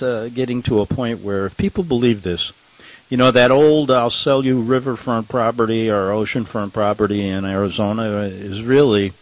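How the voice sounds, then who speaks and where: A man's voice: mid-range voice, breathy edge, poor audio. An older man hosting a talk radio show, rambling and sarcastic, chuckling at his own remarks and fighting a slight cough. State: has a cough.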